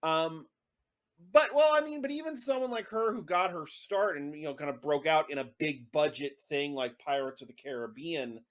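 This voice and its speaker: A man's voice: on the high side, moderate pace. A man co-hosting a podcast, chatting casually about a film and often restarting his sentences. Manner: rambling, hesitant with many restarts. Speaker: podcast co-host. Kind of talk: casual movie review chat.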